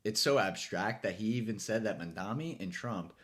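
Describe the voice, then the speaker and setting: A man's voice: on the low side, expressive, normal speed. A man hosting a late-night comedy monologue, rambling and self-mocking, recorded on a phone. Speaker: host.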